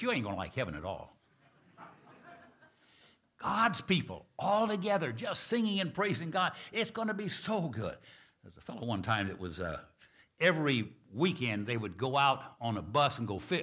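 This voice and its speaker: A man preaching a sermon, telling stories in a folksy, animated way that swings from loud exclamations to hushed tones. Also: mid-range voice, slightly rough. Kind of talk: sermon with storytelling.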